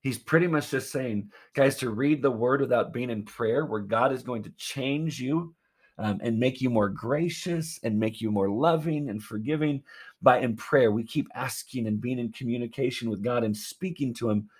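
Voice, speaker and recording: A male pastor delivering a sermon with a slightly husky, breathy edge to his voice. He speaks earnestly and with emphasis, pressing his points home to his listeners. His pitch sits in an ordinary middle range for a man. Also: normal speed.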